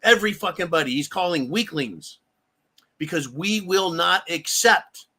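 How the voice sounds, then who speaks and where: Guy with a high bright voice going off on a sweary sarcastic political rant. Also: lively intonation, measured pace, breathy edge. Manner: profane, sarcastic, heated. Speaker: political commentator.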